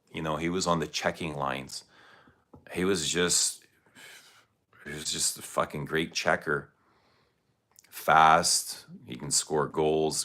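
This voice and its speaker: Low-voiced guy rambling on a perfume livestream, bright forward tone. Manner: relaxed, rambling, reads out viewer comments. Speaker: fragrance livestream host. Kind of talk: casual livestream chat answering chat.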